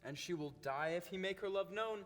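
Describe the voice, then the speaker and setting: An actor playing a playful young nobleman who speaks in an animated, theatrical way in a stage play. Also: high voice, brisk, lightly acted. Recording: reverberant hall, faint noise.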